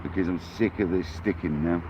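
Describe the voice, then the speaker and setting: A man's voice: deep voice, fairly even intonation, a little fast, highs cut off, noisy background. Chatty English man streaming live outdoors. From England. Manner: chatty, calls viewers mate and buddy. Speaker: fishing livestream host. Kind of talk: casual live-stream chat to viewers. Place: outdoors on a kayak at the coast.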